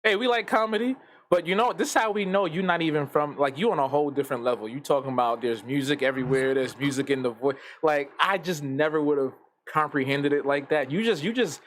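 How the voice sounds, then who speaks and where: A man's voice: on the high side, fairly even intonation, fast talker, a bit bright. Guy hosting a stream, joking around and hyping his guest, faint hiss behind. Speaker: stream host. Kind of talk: casual chat.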